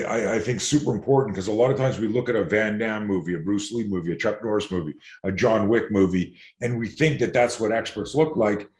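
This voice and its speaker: A man who teaches self-defense, telling stories in an interview in an animated, digressive way. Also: mid-range voice. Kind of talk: storytelling interview answers. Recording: roomy echo.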